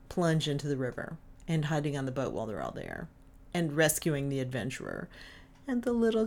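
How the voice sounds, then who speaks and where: A woman's voice: low-pitched, wildly swooping pitch, fairly quick. A woman casually gushing about a book she has just read aloud. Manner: gushing, enthusiastic. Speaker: audiobook reader.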